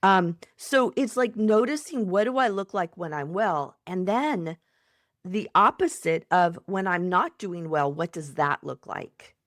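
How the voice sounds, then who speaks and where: Gentle woman psychotherapist giving advice. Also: lowish voice, animated, measured pace, dry recording, studio quality. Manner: gentle, acts out soothing self-talk. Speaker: psychotherapist and coach guest. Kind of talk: warm conversational advice.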